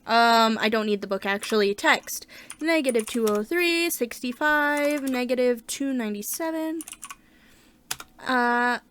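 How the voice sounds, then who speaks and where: Bright-voiced woman narrating her gameplay. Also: on the high side, measured pace, a little hiss or hum. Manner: chatty, thinks aloud, bursts of excitement. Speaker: gaming channel host. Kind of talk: casual let's-play commentary.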